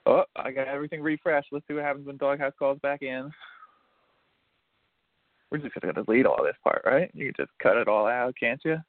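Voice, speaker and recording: On a dry, tinny, phone-quality recording, a sports podcast host with a mid-range voice talks fairly quickly. His casual show leans on jokes, many of them at his own expense.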